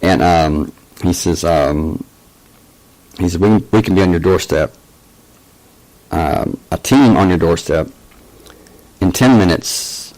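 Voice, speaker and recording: A man's voice: low voice, takes it slowly, long pauses, a little mellow, poor audio. A man casually telling a personal story as a channel host, hesitant, with many fillers and restarts.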